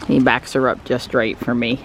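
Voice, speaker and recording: A woman's voice: rumbling low, level tone, moderate pace. Chatty woman vlogging from a noisy car. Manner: chatty, laughs often. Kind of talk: casual chat while driving. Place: inside a car.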